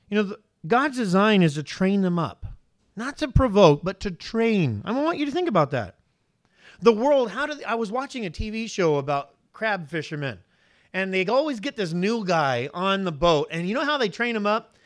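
A man who is a father, preaching as a pastor in an animated style, peppering the congregation with rhetorical questions. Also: sits high. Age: adult father. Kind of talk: sermon.

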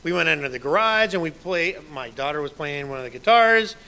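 A man's voice: a little high, expressive, fairly quick, creaky, pushed and bright, smooth, low-quality recording. A man in his thirties, a pastor preaching a sermon in a conversational way, quoting scripture with emphasis.

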